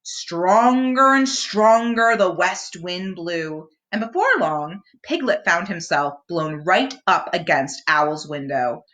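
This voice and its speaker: A woman librarian reading a picture book aloud to children, with expressive storytelling. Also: lowish voice, slow, hardly any pauses.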